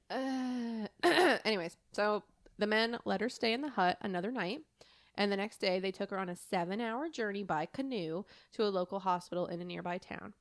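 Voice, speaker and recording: A woman's voice: medium pitch, lively intonation, moderate pace, no echo. A woman co-hosting a podcast, telling a true story in a casual, rambling way, full of fillers and laughter.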